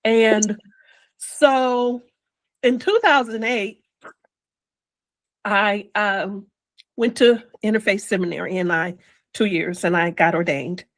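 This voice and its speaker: An older woman telling her personal story as an interview guest, slow and reflective, dropping to a whisper on quoted words. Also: mid-range voice, no echo, low-quality recording.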